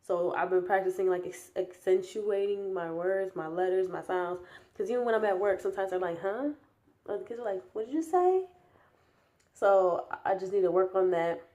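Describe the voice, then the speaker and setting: A woman's voice: medium pitch, normal speed, mellow. A young woman talking casually in a rambling vlog update, tired and yawning, with a slight lisp from new braces. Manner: chatty, rambling, with many fillers and restarts. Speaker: vlogger.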